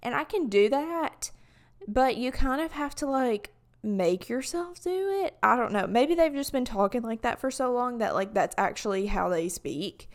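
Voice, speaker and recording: A woman's voice: a little high, lively intonation, normal speed. Rambling Southern-accented young woman. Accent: Southern US (Alabama). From Alabama, US. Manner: rambling, many "like" fillers and restarts. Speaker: vlogger. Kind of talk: casual talk to camera.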